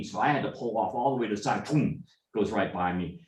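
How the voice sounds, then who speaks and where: Talking fast with few pauses, a middle-aged man with a slightly mellow, lowish voice rambles through anecdotes at a casual club meeting, full of restarts and asides. The room echoes and he sits far from the microphone.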